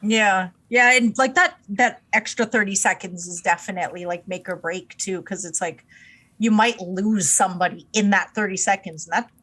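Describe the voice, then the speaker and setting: A woman's voice: mid-range voice, normal speed, sharp tone. A woman co-hosting a podcast, chatting about an album in a hesitant, giggly way, often restarting her sentences. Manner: hesitant, giggly, self-correcting. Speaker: podcast co-host. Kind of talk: casual album review chat.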